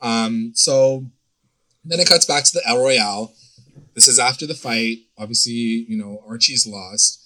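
A young man chatting casually as a co-host, retelling a TV episode in a rambling, animated way, full of fillers and little quoted voices. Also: mid-range voice, a little slow, rough recording. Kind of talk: casual chat.

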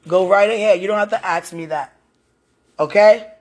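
Her voice is mid-range and a little mellow, delivered at a normal speed. She's a mother hosting a podcast at home, talking to one listener in an intimate, affectionate way, often laughing and often exclaiming to God.

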